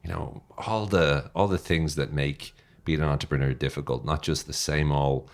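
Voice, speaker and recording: An Irish man speaks as a podcast guest in a very deep, low voice. He chats casually, joking and poking fun at himself, with plenty of ums and filler words. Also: normal speed. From Ireland. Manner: joking, self-deprecating, many fillers. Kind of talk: casual interview chat.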